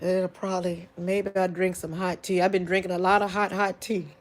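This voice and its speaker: A grieving woman hosting a live chat with her viewers, tearful and soft-spoken, often sighing and drawing out her exclamations. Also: on the low side, level tone, moderate pace. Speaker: livestream host talking to viewers.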